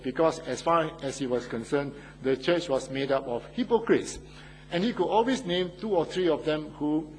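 A pastor preaching a sermon, telling stories with rising emphasis and playful asides. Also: male voice, mid-range voice, a little hiss or hum, rough recording. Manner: animated storytelling, rising loud for emphasis.

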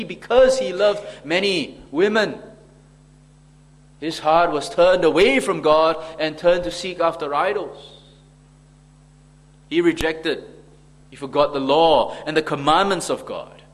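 A man preaching a sermon, earnest and rhetorical, asking the congregation questions and now and then stumbling on fillers. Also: on the high side.

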